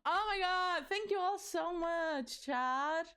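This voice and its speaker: A young adult woman streamer chats casually with her viewers, giggly and bubbly, and swears freely. Her voice is extremely high, slow, pushed and bright.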